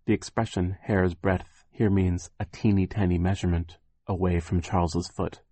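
A man narrating an audiobook in a dry, wry storytelling manner, pausing to explain words. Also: low voice, level tone, dark tone, no room sound.

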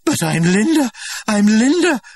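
A man's voice: medium pitch, lively intonation, normal speed, breathy edge, no echo, studio quality, pitched above the performer's own voice. A man reading aloud who voices a desperate middle-aged woman, pleading and rising to shrieks. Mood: shrieking.

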